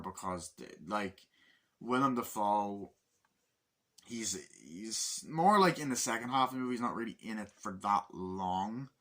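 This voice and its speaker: Male home film reviewer, lowish voice with a bright edge, rambling, excitable, swears freely. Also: measured pace. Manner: rambling, enthusiastic, swears casually. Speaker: movie reviewer. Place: room at home with window open.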